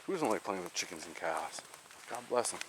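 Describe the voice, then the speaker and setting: With a low voice that swings widely in pitch, this walking vlogger from New York talks a little fast. Strolling through rural nature, he rambles casually and talks to himself, and a noisy background plus clear outdoor ambience fill the recording.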